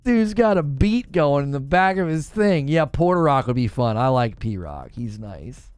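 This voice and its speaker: A man hosts a casual gaming stream and reacts to viewer comments as he goes. His voice sits a little high and swings widely in pitch. Faint music plays under him. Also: measured pace, smooth, dry recording. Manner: animated, laughs often, thinks aloud with restarts. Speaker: host of a gaming news show. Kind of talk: casual livestream chat reading viewer comments.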